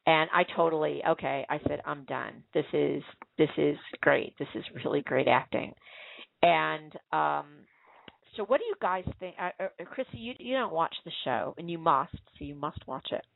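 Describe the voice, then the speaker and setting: A woman's voice: low-pitched, moderate pace, vocal fry, no echo. A woman hosting a casual talk show, telling stories in a rambling way with plenty of fillers and restarts. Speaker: host. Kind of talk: casual podcast chat. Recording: tinny phone-line call.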